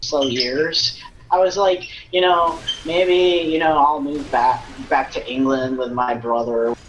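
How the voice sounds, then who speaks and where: A young man from the US chatting casually, relaxed and swearing, laughing often. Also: medium pitch, slow pace, echoey room, slight background noise, poor audio. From United States. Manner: laid-back, swears and laughs a lot. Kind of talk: casual chat.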